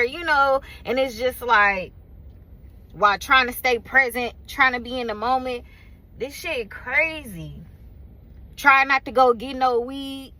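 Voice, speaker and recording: A woman's voice: a little high, sharp tone, poor audio. A woman venting in a casual, rambling rant from her car, weary and frustrated, swearing freely and leaning on fillers. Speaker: vlogger and small business owner.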